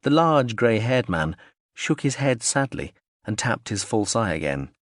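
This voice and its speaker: A man narrating a science-fiction audiobook in a measured, expressive storytelling manner. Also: mid-range voice, dry recording, studio quality. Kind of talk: scripted narration.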